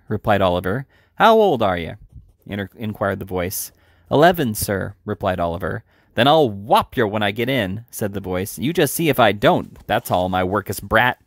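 Low-voiced man reading a novel. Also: vocal fry, no room sound, studio quality. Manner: measured, deliberate reading with occasional restarts. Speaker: audiobook reader. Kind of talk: reading a classic novel aloud.

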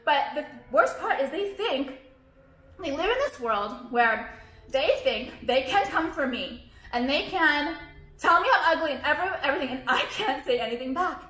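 A woman's voice: high voice, lively intonation, normal speed, sharp tone. A woman in her thirties, a fashion vlogger, ranting bluntly and profanely to the camera, rambling with lots of fillers. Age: 30s. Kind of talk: casual ranting monologue to camera. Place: room at home with white walls. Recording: echoey room.

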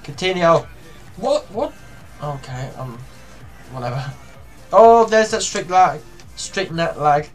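A young man giving live commentary on his own football video game match, excitable, shouting and swearing at the play. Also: a little high, slow pace, pauses often, soft background music. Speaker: gamer.

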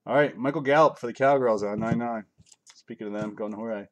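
This middle-aged host of a live card break speaks a little fast at medium pitch. Reading out cards as he goes, he jokes casually and offhandedly with the stream's viewers.

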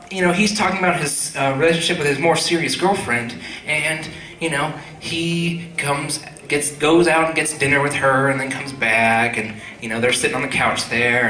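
A male comedian rambles through a crude stand-up set, his bright and forceful voice sitting a little high. He is recorded from some distance in an echoey room. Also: a little hiss or hum. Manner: crude, rambling storytelling with many fillers.

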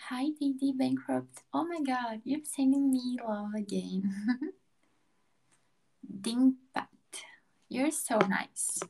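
A young woman from Brazil chatting softly with viewers on a live stream at night, often drifting into a whisper and filling gaps with ums. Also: high-pitched, fairly even intonation, vocal fry. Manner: slow, soft-spoken, with frequent ums and light laughs.

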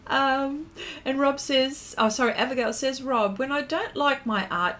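A woman's voice: high-pitched, moderate pace, fairly bright tone. Chatty Australian woman hosting an art stream. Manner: chatty, emotional, many fillers and restarts. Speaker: livestream art host. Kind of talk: casual chat while painting, reading out chat comments.

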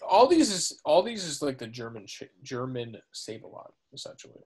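Husky, animated young man joking loudly. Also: medium pitch, normal speed. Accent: American. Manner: loud, jokey, swings into shouting. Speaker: podcast co-host. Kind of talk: casual chat.

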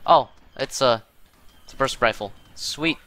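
A man's voice: mid-range voice, unhurried, sharp tone. A man hosting casual gameplay commentary, rambling and self-deprecating, with many fillers and restarts. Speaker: gaming channel host.

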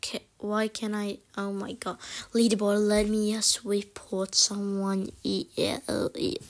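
A woman commenting on a mobile game as she plays, thinking aloud, often dropping to whispers and breaking into excited exclamations. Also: medium pitch, unhurried, rough recording. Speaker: gamer. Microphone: phone mic.

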